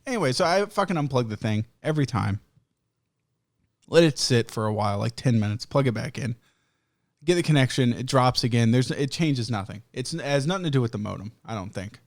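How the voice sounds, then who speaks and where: A man's voice: medium pitch, lively intonation, brisk, no echo, studio quality. A young man hosting a podcast, telling a story in a profane, ranting casual chat. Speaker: podcast host.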